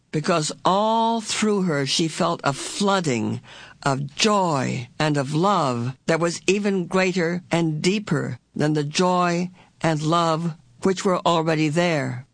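An older woman, an author reading her own book, narrating an audiobook in a measured, expressive way. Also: fairly low pitch, no echo.

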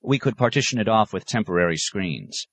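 A man playing a keen monk inventor, brisk persuasive talk, slightly raised voice, audiobook. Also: on the low side, animated, no room sound, voice pushed up. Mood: eager. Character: eager male monk inventor, hasty and practical.

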